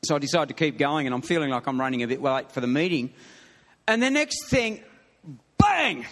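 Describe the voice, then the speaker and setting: A man's voice: medium pitch, lively intonation, fast, fairly bright tone. A middle-aged man preaching to a congregation, telling a funny story in a chatty way, with frequent laughs and restarts. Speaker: pastor. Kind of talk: sermon with humorous story. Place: church hall. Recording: long hall reverb.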